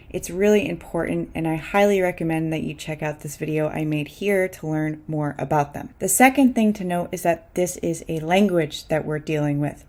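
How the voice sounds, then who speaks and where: A woman teaching English pronunciation, repeating example words clearly and deliberately. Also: low voice, a little mellow. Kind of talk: scripted pronunciation lesson.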